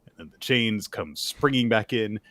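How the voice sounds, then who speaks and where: Male podcast co-host, lower voice, dry close mic, lively recap delivery. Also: moderate pace, no room sound. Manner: animated, acts out character lines with laughter. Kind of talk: casual manga recap chat.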